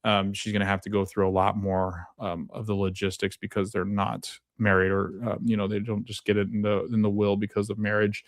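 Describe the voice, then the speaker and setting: A podcast host with a lowish, flat voice talks a little fast, hardly pausing, on a dry, clean studio recording. He casually recaps a TV episode, chatty and full of fillers, laughing often as he retells scenes.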